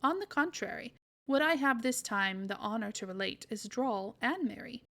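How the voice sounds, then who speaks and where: A woman voicing an eccentric older male godfather, a clockmaker, in a grating, monotonous tone in a read-aloud storybook. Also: fairly high pitch, creaky. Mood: genial. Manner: sing-song chanting, slowed down.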